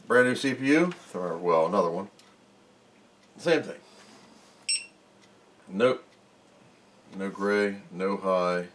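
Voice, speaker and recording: A man's voice: low voice, animated, slow, pauses often, fairly bright tone, slight background noise. Rambling man at a repair bench. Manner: rambling, self-mocking, mutters while working. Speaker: electronics repair host. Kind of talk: casual workbench narration.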